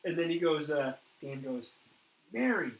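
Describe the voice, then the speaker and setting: A man hosting a paranormal interview, telling a ghost story in a lively way and acting out what others said. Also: a little high, normal speed. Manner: animated storyteller, acts out quoted dialogue. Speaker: paranormal investigator host. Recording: echoey room with faint noise.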